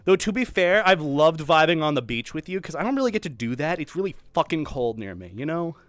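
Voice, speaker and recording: Playful high-voiced male streamer. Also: very animated, a little fast, no room sound. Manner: playful, jumps between low mumbles and loud high outbursts. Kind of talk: casual chat.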